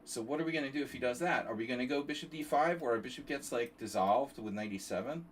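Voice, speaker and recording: A man talking through a chess game on a stream in a loose, rambling way, with casual swearing. His voice sits a little back from the mic, with a faint hiss behind him. His pitch is average for a man. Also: quick pace, far from the mic. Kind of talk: casual live-stream commentary.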